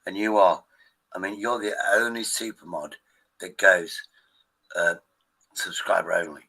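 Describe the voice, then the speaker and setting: A man's voice: sits low, vocal fry, bright, forceful tone, slightly rough, poor audio. A man chatting casually on a stream, swearing and joking. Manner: swearing, banter, quick asides. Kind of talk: casual chat.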